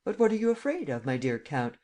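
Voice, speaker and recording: A man reading an audiobook and voicing a mocking, cocky gentleman thief who climbs high and loud when he teases or rages. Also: brisk. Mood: amused. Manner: teasing, lively, rising to shouts.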